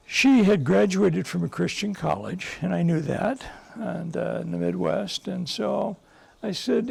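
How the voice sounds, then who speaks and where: An older man speaks to a group with a high voice full of grit and gravel. He tells stories earnestly and with emphasis, stopping to restart his sentences. His voice is husky. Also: lively intonation, a little slow, darkish tone. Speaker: psychologist and guest speaker. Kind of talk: speaking to a live group, storytelling.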